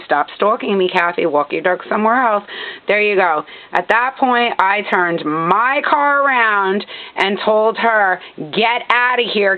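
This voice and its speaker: An agitated woman narrates her own video, indignant and repeating herself. Her mid-pitched voice comes through a thin, tinny, phone-like recording.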